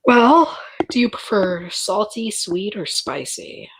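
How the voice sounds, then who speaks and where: A woman's voice: mid-range voice, expressive, takes it slowly, gravelly, breathy edge, voice pushed up, heavily acted. A woman voicing a friendly male food-hall guide who gives helpful, gossipy advice.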